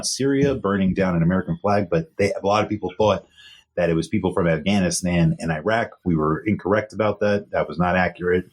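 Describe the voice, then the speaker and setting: Young guy cohosting a news chat podcast, low husky voice, earnest and emphatic. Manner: earnest, repeats himself for emphasis. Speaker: podcast co-host.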